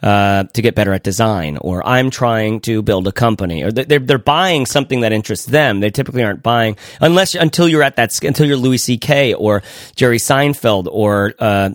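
A man's voice: fairly low pitch, brisk, no room sound, studio quality. A man co-hosting a casual podcast, rambling with lots of restarts and frequent laughs. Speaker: podcast co-host.

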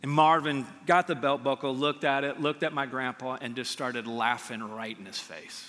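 A man's voice: mid-range voice, steady tone, moderate pace, a bit bright, big-room sound. A man preaching a sermon as pastor, telling stories earnestly and building to emphatic peaks. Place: church sanctuary.

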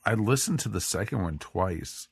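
A man with a somewhat low voice joking through a podcast review, animated and loose. The sound is dry and close with no room echo. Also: normal speed, gravelly, husky. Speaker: podcast co-host. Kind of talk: casual review chat.

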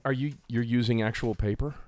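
A man's voice: mid-range voice, fairly even intonation, fairly quick, a little mellow, dry recording. A man co-hosting a podcast over a video call, sick with a heavy cold and teasing his friends. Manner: joking, teasing. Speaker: podcast co-host. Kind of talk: casual podcast chat.

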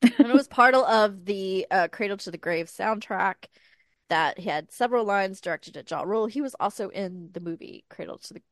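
A woman in her thirties co-hosting a podcast, retelling a life story in casual chat with a smooth public-radio style voice and wry, deadpan asides. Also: medium pitch, moderate pace, no echo. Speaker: podcast co-host.

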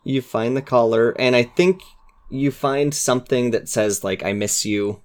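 A man in casual podcast chat, talking earnestly about a game with fillers and soft asides. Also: medium pitch, measured pace. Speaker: podcast co-host.

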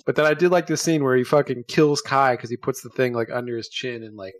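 A man recaps a movie plot in a relaxed, sarcastic way. His voice sits at a middle pitch. The recording is dry and close to the mic. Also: quick pace, dry recording. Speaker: podcast co-host. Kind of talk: casual movie review chat.

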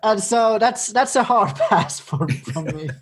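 Breathy woman hosting a podcast. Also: a little high, lively intonation, a little slow. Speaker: podcast host. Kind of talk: casual chat.

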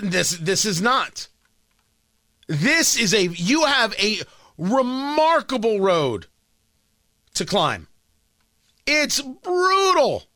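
A man hosting a talk radio show, his high voice bright and cutting as he swings up and down with emphasis. He leans into sarcasm and dramatic pauses while he riffs on the news, close to a dry studio mic. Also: no room sound. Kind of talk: opinionated political commentary.

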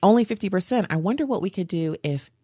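A woman hosting a faith podcast, telling stories in an animated, earnest way. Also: medium pitch, fast, breathy edge, dry recording, studio quality. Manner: animated, earnest storytelling with laughs. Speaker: podcast host. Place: home studio.

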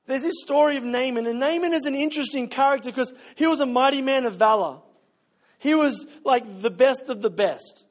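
A man's voice: extremely high pitch, moderate pace. A middle-aged man, a pastor, preaching a sermon in a conversational, storytelling way, often repeating a word while he searches for the next. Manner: conversational storytelling, self-deprecating, repeats words when searching.

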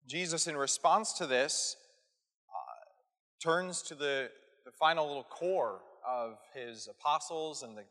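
Man, Catholic preacher, scripture teaching, earnest and emphatic, fairly high bright voice, long hall echo. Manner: earnest, emphatic, asks the listeners "right?". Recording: echoey hall with long reverb.

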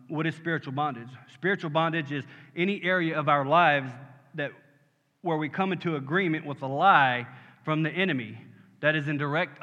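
High bright-voiced man preaching in a hall. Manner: rising to emphatic call-and-response, asking "Amen?". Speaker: pastor. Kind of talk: sermon. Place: church sanctuary. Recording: muffled sound with long hall reverb.

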